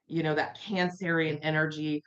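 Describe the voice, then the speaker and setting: A woman's voice: deep voice, level tone, normal speed. Chatty woman giving a tarot reading. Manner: chatty, rambling, repeats herself and talks to viewers in chat. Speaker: tarot reader hosting a live stream. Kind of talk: casual live-stream tarot reading. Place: her home. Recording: dull lo-fi audio.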